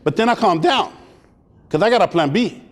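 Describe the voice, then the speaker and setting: A man giving a comedic motivational talk at a community summit, animated and playful as he acts out scenes. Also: high voice, moderate pace. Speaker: keynote speaker. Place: large hall at a community summit. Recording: long hall reverb.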